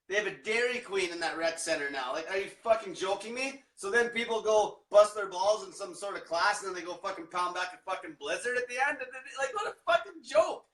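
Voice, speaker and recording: Sitting high in pitch, this man's voice is pushed and bright, and he's far from the mic in an echoey room. He's a diet coach giving viewers a blunt, combative, swear-filled motivational rant.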